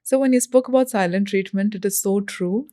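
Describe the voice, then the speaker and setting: A woman's voice: mid-range voice, brisk, warm tone. A woman hosting an interview, a therapist who reflects thoughtfully and agrees with her guest. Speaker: host, holistic therapist. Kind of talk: interview conversation.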